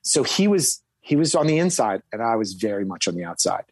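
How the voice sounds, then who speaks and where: A man with a fairly low, darkish, slightly rough voice speaks briskly in a sing-song way, recorded dry. As a guest, he casually recounts his military service, rambling with fillers and restarts and abruptly stressing key words.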